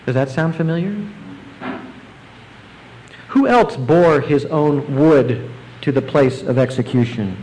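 A man preaching a sermon, explaining scripture verse by verse and rising now and then to emphatic, excited bursts. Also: fairly high pitch, slow, long pauses, slight background noise, low-quality recording. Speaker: pastor.

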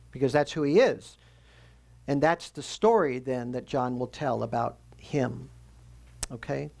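A man preaching a sermon, his voice sitting a little high with a rough, gravelly edge. He teaches earnestly and slows down to lean on the phrases he wants to land. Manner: earnest teaching with slow emphatic stresses. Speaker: pastor.

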